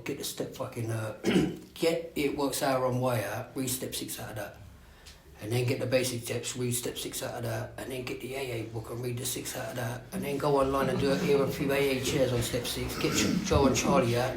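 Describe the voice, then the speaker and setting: A man gives a candid, rambling personal share at a recovery meeting, swearing freely and often asking whether listeners know what he means. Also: mid-range voice. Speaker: speaker sharing at a recovery meeting. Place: meeting room. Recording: echoey room with faint background noise.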